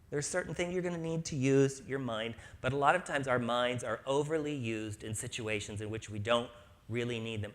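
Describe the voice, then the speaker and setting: A man's voice: medium pitch, fairly bright tone. A man giving an inspirational spiritual talk to a live audience, joking and acting out small voices. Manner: playful, jokey, acts out little voices. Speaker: spiritual speaker.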